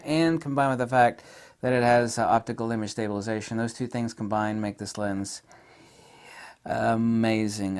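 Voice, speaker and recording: A man with a drawl talks his way through a camera lens review, rambling from point to point. He gushes and gets excitable, with giggly asides along the way. His pitch sits in an ordinary middle range for a man.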